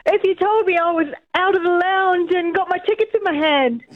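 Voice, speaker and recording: Woman, radio caller, bubbly, very high voice, dull phone line, crowd noise behind. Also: normal speed. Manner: chatty, bubbly. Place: airport boarding lounge.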